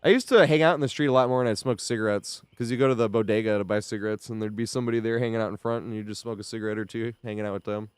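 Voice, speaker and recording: Young male streamer, casual rambling storyteller with a clean, clear voice recorded dry and close. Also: fairly low pitch, fairly even intonation, very fast, hardly any pauses, no room sound. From New York area. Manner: rambling storytelling with frequent laughs and swearing. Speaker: game streamer. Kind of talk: casual chat while streaming.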